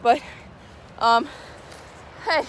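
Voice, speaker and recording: A young woman in her late teens from Atlanta, vlogging casually and excitably as she talks to her camera, often giggling. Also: extremely slow, very noisy. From Atlanta, Georgia. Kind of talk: casual vlog. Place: outdoors in snow and in a car.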